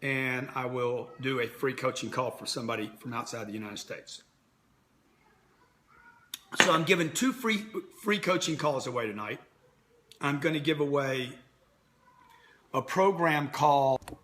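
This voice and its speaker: A man's voice: medium pitch, unhurried, long pauses, fairly bright tone, slight background noise. A man in his fifties hosting a nightly livestream as a business coach, talking in a brash, direct, salesy way. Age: 50s. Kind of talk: motivational livestream talk.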